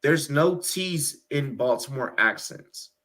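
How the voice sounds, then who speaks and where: A man's voice: medium pitch, animated, slow, fairly bright tone. A man hosting a sports podcast, talking in a rambling, emphatic, profane way. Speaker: podcast host. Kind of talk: casual sports chat.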